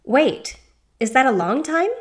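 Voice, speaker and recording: A woman's voice: sits high, animated, measured pace, slight background noise, pitched above the performer's own voice. A woman reading a book aloud and voicing a jovial, whimsical female boar with a quizzical manner and bursts of laughter.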